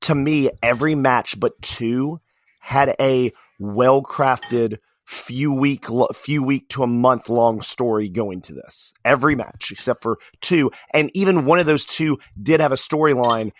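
A man co-hosting a podcast, talking in a casual, animated way with many fillers and restarts. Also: medium pitch, measured pace. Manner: animated, rambling wrestling fan talk with fillers. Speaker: podcast co-host. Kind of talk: casual chat.

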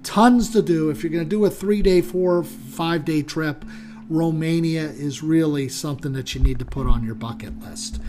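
A man's voice: fairly high pitch, moderate pace, faint music behind. An American man, middle-aged, hosting a show and chatting his way through a travel story with lots of fillers. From United States. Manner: animated, chatty, many fillers. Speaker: podcast host.

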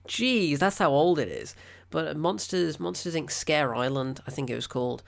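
A man's voice: a little high, animated, normal speed, creaky. A man, gushing and rambling in a casual film review. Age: 20s.

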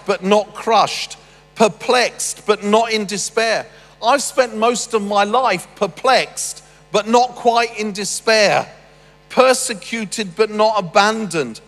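Lively, joking preacher in a hall. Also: male voice, high-pitched. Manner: humorous, animated storytelling with asides. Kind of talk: sermon. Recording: long reverb with faint music.

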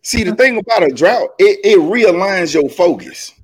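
A man's voice: high-pitched, lively intonation, normal speed, husky. A man co-hosting a faith podcast, sermonizing in a casual, folksy way with slang. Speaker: podcast co-host. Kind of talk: faith-based podcast talk.

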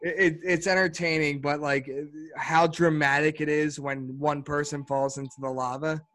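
A man co-hosting a casual sports podcast, talking in an animated, rambling way and laughing often. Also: on the high side, normal speed. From Philadelphia area. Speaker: podcast co-host.

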